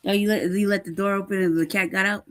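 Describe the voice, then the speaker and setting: A mid-range voice, rapid delivery: she's the host of a relaxed live chat, telling animated stories with lots of laughter and free swearing.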